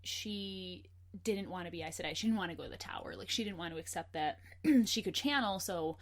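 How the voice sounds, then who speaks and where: Chatty woman guest, low voice. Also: brisk. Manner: chatty, laughs often, reads book quotes aloud. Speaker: podcast guest. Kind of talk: casual chat.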